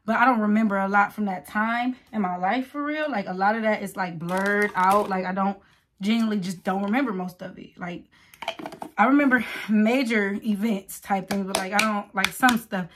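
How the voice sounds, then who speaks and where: A woman, telling a casual story while getting ready, lively and acting out other people's voices. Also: medium pitch, moderate pace, noisy background. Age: late 20s. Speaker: vlogger.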